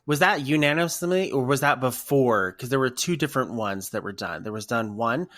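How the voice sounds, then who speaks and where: A man co-hosting a casual podcast, telling stories in an emotional, animated way. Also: mid-range voice, fairly quick, no echo, studio quality. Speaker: podcast co-host.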